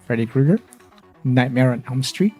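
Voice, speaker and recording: A man's voice: mid-range voice, lively intonation, moderate pace, dark tone, soft background music. A man hosting a gaming podcast, chatting casually with friends, laughing often and reading an upbeat sign-off. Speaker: podcast host.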